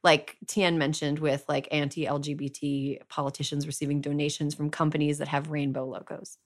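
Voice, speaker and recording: A woman's voice: sits low, flat delivery, moderate pace. A woman hosting a podcast, talking casually with lots of fillers and a playful tone. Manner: chatty, filler-heavy, playful. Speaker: podcast host. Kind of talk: casual chat.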